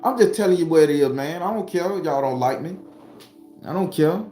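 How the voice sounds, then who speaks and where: A spiritual vlogger and tarot reader sits behind his home studio, his mellow voice on the high side with lively intonation and a moderate pace. Soft music plays in the roomy space while he gives a blunt, profane, casual motivational talk built on repeated phrases.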